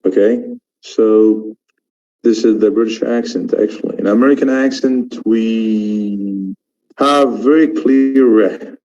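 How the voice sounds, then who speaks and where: A man's voice: on the low side, slow pace, dark tone, muffled recording. A man teaching an English exam course, explaining pronunciation and repeating key words as he demonstrates them. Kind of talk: online lecture.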